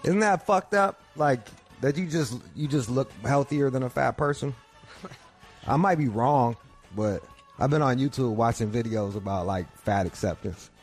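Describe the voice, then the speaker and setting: A man's voice: mid-range voice, normal speed, a little mellow, soft background music. A man hosting a podcast from home, telling profane, rambling comic stories. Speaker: podcast host. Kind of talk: crude comedic rant. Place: home couch.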